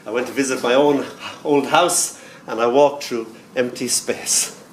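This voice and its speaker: An older Irish man performing stories and poems live, animated and quick to slip into other voices with sudden leaps in pitch. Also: slight background noise. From Ireland. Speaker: poet and storyteller. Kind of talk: live storytelling and poetry performance. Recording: roomy sound from a distant mic, faint ambience.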